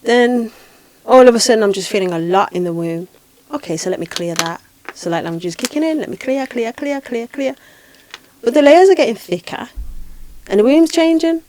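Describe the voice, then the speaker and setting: A woman hosting a podcast, telling a spiritual experience in a lively, dramatic way with repeated phrases. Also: fairly high pitch, moderate pace, a little hiss or hum. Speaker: podcast host and spiritual healer. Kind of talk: casual podcast storytelling.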